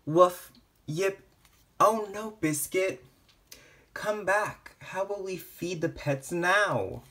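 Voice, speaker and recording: A man reading a picture book aloud to children, gently, with playful barks and meows for the animals. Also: high voice, slow. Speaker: storytime reader.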